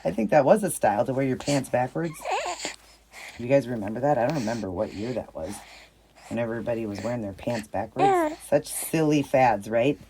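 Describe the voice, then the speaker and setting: Middle-aged female vlogger, gravelly voice, cooing chatty delivery, noisy home recording. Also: extremely low pitch, sing-song, a little fast. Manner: soft cooing baby talk mixed with chatty asides to viewers. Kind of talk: casual show-and-tell vlog.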